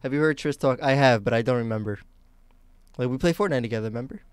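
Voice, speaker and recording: Slangy young streamer guy, smooth and dry. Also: mid-range voice, dry recording. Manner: slangy, excitable, blurting quick reactions. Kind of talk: casual live-stream reaction.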